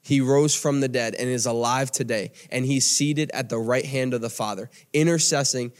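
An American man preaching a podcast sermon in an earnest way, often repeating phrases and restarting sentences. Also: medium pitch. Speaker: pastor.

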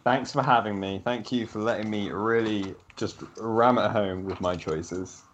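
A man's voice: on the low side, steady tone, unhurried. A man appearing as a podcast guest, chatting casually, joking and often giggling. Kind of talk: casual chat. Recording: audible background noise.

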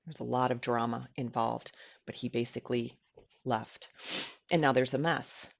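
A woman's voice: very deep voice, steady tone, moderate pace, gravelly, highs cut off. A woman co-hosting a podcast, talking candidly and emotionally about herself, with lots of "like.". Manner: candid and emotional, with filler likes. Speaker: podcast co-host. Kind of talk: personal podcast conversation.

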